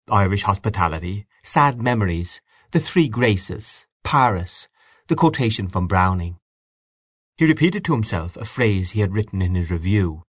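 A man reading a classic story aloud in a measured, expressive way. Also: lowish voice, no room sound, clean studio sound. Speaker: audiobook narrator. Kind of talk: scripted narration.

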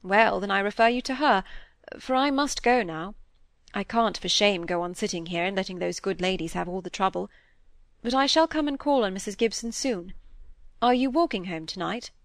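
A woman voicing a kind, earnest young man who is a scholar, in a gentle and polite audiobook reading. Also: medium pitch, normal speed, no echo, natural voice.

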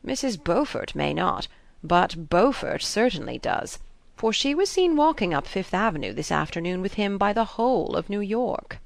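A woman reading a novel aloud, voicing an older gentleman who gossips with slow deliberation. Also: mid-range voice, very animated, gravelly, dry recording. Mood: knowing.

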